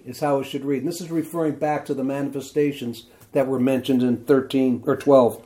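A man preaching a sermon in a relaxed, conversational way, reading scripture aloud and often asking "see?" to his listeners. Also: mid-range voice, moderate pace. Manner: conversational, asks "see?" and "isn't that something?"; reads scripture aloud with emphasis. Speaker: pastor.

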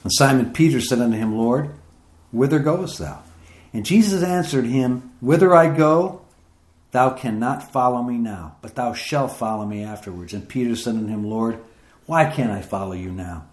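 A man preaching a sermon, reading scripture aloud and explaining it, his voice climbing higher as he presses his points. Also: normal speed, a little mellow, echoey room. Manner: reads scripture aloud then comments, rising in pitch as he grows emphatic.

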